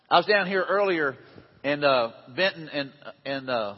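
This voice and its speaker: A man's voice: on the high side, moderate pace, slightly rough. Folksy man preaching in a hall. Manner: folksy, conversational with audience questions. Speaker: pastor. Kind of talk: sermon. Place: large hall with audience. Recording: dull lo-fi sound in echoey hall.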